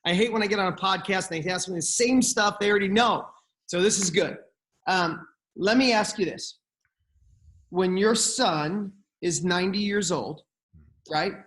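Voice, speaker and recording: A man's voice: sits high, moderate pace, fairly bright tone. Intense, profane middle-aged man. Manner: intense, blunt, swears freely. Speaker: guest. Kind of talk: motivational podcast conversation.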